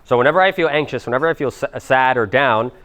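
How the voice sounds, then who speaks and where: Fast-talking casual male coach. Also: medium pitch, expressive, a bit bright. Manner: casual and jokey, swears freely, talks directly to the room. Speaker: business and mindset coach. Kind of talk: live workshop teaching to a small group.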